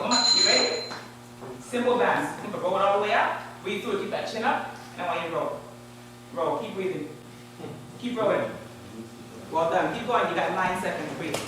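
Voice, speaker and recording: A woman fitness instructor leading a live exercise demo, counting down and urging her group on. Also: medium pitch. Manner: energetic coaching, counting down and urging. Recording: echoey distant room recording with noise.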